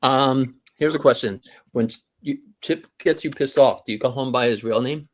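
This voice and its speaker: A man's voice: mid-range voice, moderate pace. A man co-hosting a casual talk show, rambling through joking anecdotes. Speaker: podcast co-host. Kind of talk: casual chat, storytelling.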